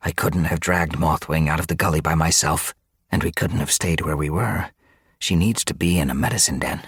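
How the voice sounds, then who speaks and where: A man's voice: a bass voice, brisk, gravelly, husky, no room sound, clean studio sound, heavily acted. A man reading an audiobook, voicing a practical female warrior cat in a firm, no-nonsense way. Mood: brisk.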